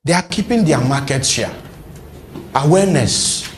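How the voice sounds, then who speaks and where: Animated man teaching sales. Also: on the high side, unhurried, slight background noise. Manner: animated, quizzes the audience. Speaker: sales trainer. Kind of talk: classroom lecture.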